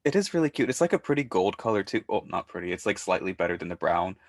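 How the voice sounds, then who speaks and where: A man's voice: low voice, big pitch swings, fast talker, no room sound, clean studio sound. A man co-hosting a podcast, recapping a show in casual chat and retelling scenes with quoted voices. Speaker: podcast co-host.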